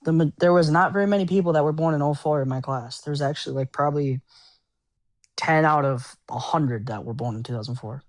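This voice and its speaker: Young male caller with a high voice. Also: fairly quick, dry recording. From Minnesota. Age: 20s. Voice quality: naturally high-pitched voice. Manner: terse, defensive replies.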